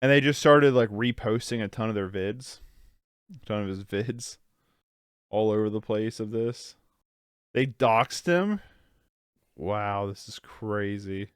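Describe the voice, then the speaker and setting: A man's voice: fairly low pitch, slow pace, long pauses, clean tone, no room sound, clean studio sound. A young man from Ohio giving casual watch-along commentary on a documentary, incredulous, swearing and laughing often, with lots of "like". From Ohio, United States. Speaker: movie reaction host.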